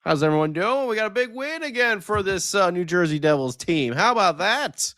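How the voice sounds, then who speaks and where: A man's voice: high voice, lively intonation, moderate pace, pushed and bright, no echo, studio quality. A man co-hosting a late-night live sports podcast, joking around and greeting chat viewers by name. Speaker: podcast co-host.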